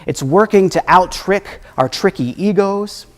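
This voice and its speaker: A man preaching a sermon as minister, reflective and gently humorous, his voice at times dropping soft. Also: high-pitched, a little slow. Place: church sanctuary. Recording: echoey hall with long reverb.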